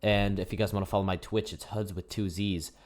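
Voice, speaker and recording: A man's voice: low-pitched, little pitch movement, brisk. A teenage boy telling a story in a casual, swearing way, laughing as he goes. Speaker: gaming youtuber. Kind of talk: storytime narration over gameplay.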